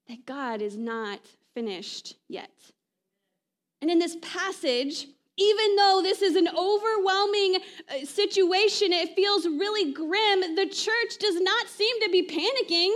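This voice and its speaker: A woman pastor delivering a sermon in a conversational way, often checking in with "right?" and trailing off softly at the ends of phrases. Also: very high voice. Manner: conversational preaching, frequent "right?" asides.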